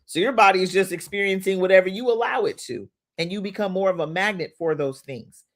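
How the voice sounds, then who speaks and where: A livestream host leading guided gratitude visualization and slow repeated affirmations, shifting into informal, upbeat preaching with slang and greeting viewers by name. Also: medium pitch, a bit bright. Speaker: host of a live money-mindset session.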